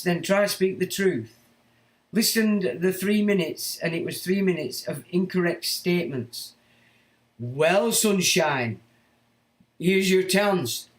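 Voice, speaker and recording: A middle-aged man hosting a livestream who rants about politics, reads out chat comments and swears as he taunts commenters. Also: sits high. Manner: ranting political monologue. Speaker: livestream host. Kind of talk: casual livestream talk reading chat.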